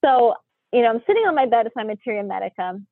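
A middle-aged woman from the United States, a podcast guest, telling a story in an animated way and acting out quotes. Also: on the high side, quick pace, dry recording. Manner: animated, acts out quotes with laughs. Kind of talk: storytelling interview chat. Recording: phone-like narrow line.

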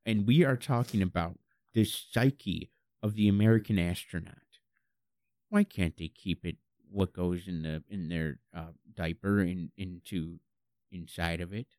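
A man's voice: low-pitched, measured pace, darkish tone, no room sound, studio quality. A man co-hosting a comedy talk show, telling absurd stories in a mock-serious announcer manner. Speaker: comedy podcast co-host. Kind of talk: absurdist comedy radio chat.

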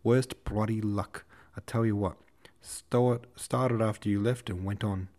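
A man's voice: lowish voice, fairly even intonation, unhurried, darkish tone, close to an everyday voice. A man voicing a hot-tempered, swearing young cavalry officer who cannot pronounce his R's. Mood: blustering. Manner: blustering, swearing.

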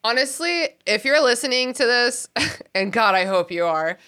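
A woman's voice: on the high side, lively intonation, normal speed, sharp tone. A woman hosting a casual podcast, talking animatedly and with exasperation, laughing often. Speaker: podcast host.

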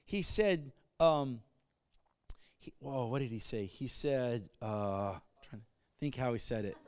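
A male pastor giving a sermon, moving between conversational asides and loud call-and-response bursts. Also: medium pitch, takes it slowly.

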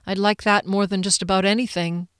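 A woman's voice: medium pitch, level tone, brisk, clear, resonant tone, dry recording, studio quality, close to an everyday voice. A woman voicing a tender young man. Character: gentle young male bandmate, tender. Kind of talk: audiobook character voice.

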